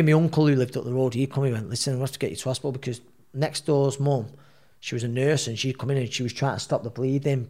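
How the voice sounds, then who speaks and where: A man recounting an episode from his life, a working boxer talking loosely and at length. He restarts sentences and slips into the voices of the people he quotes. His pitch sits in the ordinary middle for a man. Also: creaky, a little mellow. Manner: rambling, re-enacts dialogue. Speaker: professional boxer. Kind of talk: casual storytelling.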